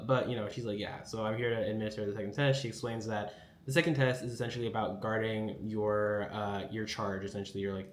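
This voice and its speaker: Rambling man recapping in an echoey room. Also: on the low side. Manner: rambling and enthusiastic, heavy on filler words. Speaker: anime recap host. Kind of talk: casual spoken recap. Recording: echoey room with faint ambience.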